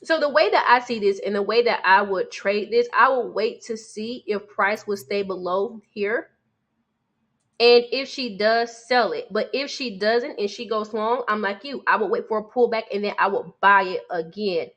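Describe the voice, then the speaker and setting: At a moderate pace and medium pitch, with a somewhat bright tone, a woman who coaches forex trading reviews charts during a live stream. She keeps it casual, speaks directly to her audience, and calls them sweetie and baby.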